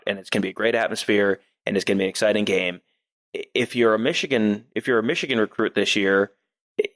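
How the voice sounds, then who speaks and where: A man's voice: on the low side, fairly bright tone. A man co-hosting a sports podcast, talking casually and analytically and thinking aloud with frequent restarts.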